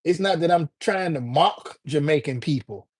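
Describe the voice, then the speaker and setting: A man talks loosely to his livestream audience, his voice sitting a little higher than most men's. He keeps it easygoing and full of slang, calling out viewers by name as he goes. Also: expressive, moderate pace, husky. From Alabama, USA. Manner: laid-back and slangy, greeting viewers by name. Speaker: livestream host. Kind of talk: casual livestream chat.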